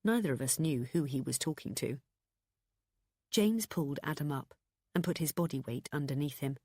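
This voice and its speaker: A woman narrating a thriller audiobook in an even, measured storytelling manner. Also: deep voice, dry recording, clean studio sound.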